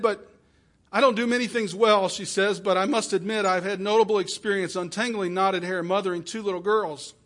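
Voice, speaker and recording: A man preaching, retelling an emotional story in the first person, swinging from soft pleading to loud exclamations. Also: high voice. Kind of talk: sermon storytelling.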